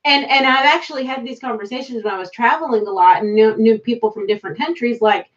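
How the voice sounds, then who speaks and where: A woman co-hosting a casual movie podcast, chatty and animated with quick asides. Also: on the high side. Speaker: podcast co-host. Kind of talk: casual chat reviewing movies. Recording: distant, dull-sounding mic.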